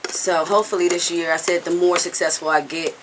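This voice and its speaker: A singer is being interviewed in a candid, casual setting, speaking earnestly and bluntly with the odd swear word. Her voice sits on the low side, her delivery is flat and fairly quick, and there's background noise. She rambles, often checking in with "you know what I'm saying."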